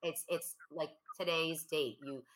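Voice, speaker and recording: A middle-aged woman hosting a casual video-call chat, talking in a relaxed, candid way. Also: sits low, measured pace, background noise. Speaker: host.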